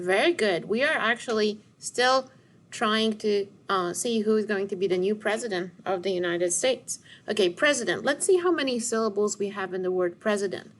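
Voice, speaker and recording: A woman teacher with a mid-range voice records a word study lesson for children. She speaks slowly and deliberately in a classroom style, stretching words and sounding them out syllable by syllable while offering encouragement.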